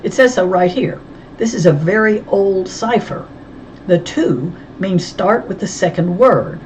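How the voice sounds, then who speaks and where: A woman's voice: medium pitch, animated, unhurried, a little mellow, a little hiss or hum, voice pushed up, lightly acted. A woman voicing an earnest, brainy sixth-grade girl who explains things eagerly.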